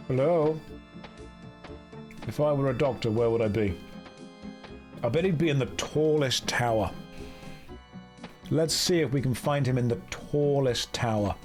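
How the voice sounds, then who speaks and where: A man's voice: medium pitch, darkish tone. A man streaming a video game, chatting casually and joking at his own expense. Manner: chatty, self-mocking, jokey. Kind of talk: casual live-stream commentary.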